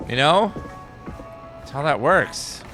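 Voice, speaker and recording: Excitable male game streamer, bright and lively. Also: a little high, soft background music. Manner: excitable, rapid-fire reading of viewer names. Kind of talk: live gameplay commentary.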